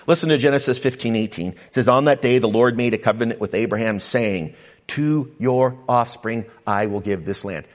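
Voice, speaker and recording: A man preaching a sermon as a pastor, reading scripture passages aloud and then restating them with emphasis. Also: medium pitch. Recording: reverberant hall.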